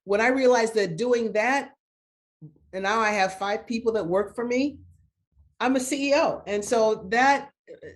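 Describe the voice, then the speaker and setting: Speaking at a measured pace in a fairly high voice, an older woman, a grandmother, shares a story as an interview guest. She is earnest and motivational, repeating words to drive her points home.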